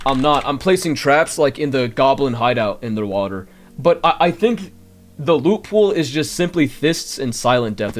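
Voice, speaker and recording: A man doing live gameplay commentary, grumbling and talking to his chat. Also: mid-range voice. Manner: animated, grumbling, talks to chat. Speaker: game streamer.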